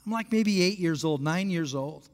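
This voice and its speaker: A male pastor from Alaska telling a story in a sermon. He is animated and asks the congregation questions. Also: sits high, normal speed. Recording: long hall reverb.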